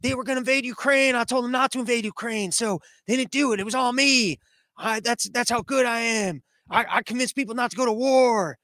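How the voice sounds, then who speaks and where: A man's voice: very high-pitched, a little fast, pushed and bright, no echo, pitched above the performer's own voice. A man putting on a smug, boastful male politician who takes credit for everything, in a drawling, mocking tone.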